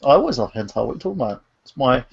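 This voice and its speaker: A laid-back man chatting easily on a live stream panel. His voice has a gravelly fry. The audio is dull and lo-fi. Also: medium pitch, sing-song, racing. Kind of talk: casual chat on a live stream.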